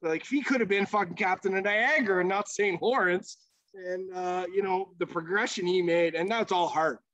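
A man with a slightly higher voice tells a long, rambling hockey story as a podcast guest. He swears casually and fills his sentences with "like" and "you know." The recording is dry and somewhat muffled, like lo-fi podcast audio. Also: moderate pace, a bit bright, dry recording. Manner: profane, rambling storyteller with many fillers.

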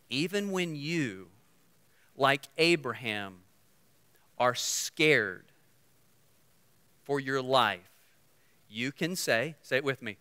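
A male pastor preaching a sermon, swinging from loud to hushed and leading the congregation in call-and-response. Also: a little high, animated, takes it slowly, pauses often, clean tone. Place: church sanctuary. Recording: long church hall reverb.

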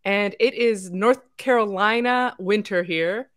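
A woman speaking as a panelist on a round-table podcast over a video call, bubbly and quick to laugh. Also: mid-range voice, a bit bright, no echo, studio quality. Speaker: panelist, agency owner.

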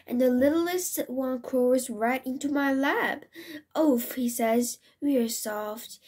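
A young woman reading a children's picture book aloud, expressive and with small slips that she corrects as she goes. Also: high voice, slow pace, slightly rough. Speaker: storybook reader.

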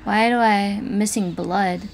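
A woman's voice: medium pitch, steady tone, slow, gravelly, over music. A woman commenting casually while playing a game, swearing and squealing when startled. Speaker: gaming streamer. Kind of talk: casual let's-play commentary.

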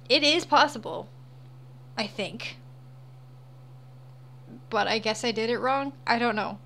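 A woman's voice: fairly high pitch, takes it slowly, vocal fry, long pauses, pushed and bright. A woman streaming as she draws, chatting casually, laughing often and swearing freely. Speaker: livestreamer. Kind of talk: casual livestream chat while drawing.

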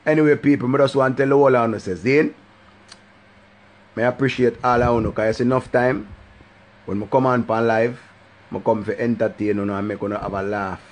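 A Jamaican man hosting his own live stream, ranting loosely in patois. His voice sits at a middling pitch and swings up into a sing-song refrain whenever he repeats his catchphrase. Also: fairly even intonation, normal speed. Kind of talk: casual live-stream rant.

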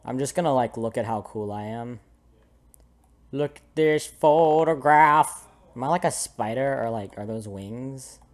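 A man's voice: medium pitch, normal speed, few pauses, darkish tone. Goofy young man joking over a game. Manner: goofy, jokey, dramatic outbursts. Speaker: gameplay commentator. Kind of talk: comedic let's play commentary.

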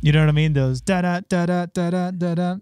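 A man's voice: high voice, fairly even intonation, a little fast, loud music behind the voice. A man hosting a live-streamed recording session, talking casually and self-deprecatingly with many fillers and restarts. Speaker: recording engineer and host. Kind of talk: casual studio chat over a live stream. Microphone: studio microphone.

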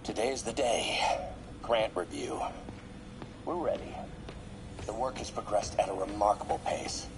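An actor playing an older male scientist recording a log, measured and earnest, over background noise. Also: on the low side, close to an everyday voice.

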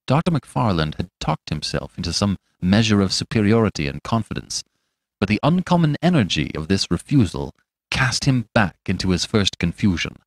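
A man who hosts a podcast, narrating a classic story in a scripted, expressive storytelling manner. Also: lowish voice, moderate pace, dry recording, clean studio sound. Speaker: podcast host and audiobook narrator.

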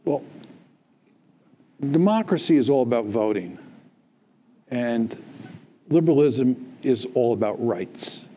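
Male author at a Q&A, mid pitch, mellow tone, forceful lecturing delivery. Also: animated, takes it slowly, long pauses, slight background noise. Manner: emphatic, lecturing, tags points with "right?" and "okay?". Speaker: guest author answering questions. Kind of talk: public talk Q&A.

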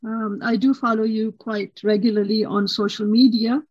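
A woman hosting an interview, speaking softly and supportively with plenty of "um"s. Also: on the high side, fairly even intonation, normal speed, husky, no room sound. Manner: soft, supportive listener. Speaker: host. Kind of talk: interview host. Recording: dry, dull lo-fi.

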